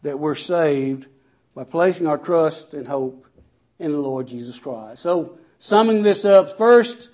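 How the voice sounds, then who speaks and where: A man delivers a sermon in a high-pitched voice. He reads scripture aloud and then explains it in everyday words. His volume rises and falls sharply to drive each point home. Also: takes it slowly, darkish tone. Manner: raises and lowers his voice sharply for emphasis. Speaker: preacher.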